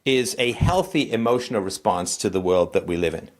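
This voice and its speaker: A man hosting a call-in show, talking in an animated, conversational way. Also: on the low side, fairly quick. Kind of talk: call-in talk.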